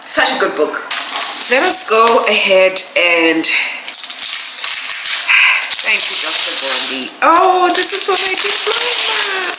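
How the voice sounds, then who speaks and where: A woman's voice: on the low side, very noisy. Gushing young woman vlogger, echoey room. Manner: gushing, emotional, thankful. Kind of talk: casual vlog unboxing.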